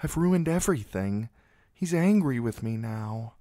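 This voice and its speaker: A man voicing an earnest young highborn girl, soft and hesitant, in a storybook reading. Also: animated, a little slow, no room sound, clean studio sound, natural voice. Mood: anxious.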